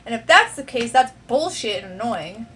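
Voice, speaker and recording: Heavy background noise surrounds a young woman with a fairly high, sing-song voice speaking at a moderate pace. She hosts a let's play, commenting on her own gameplay while talking to herself, swearing, and getting frustrated.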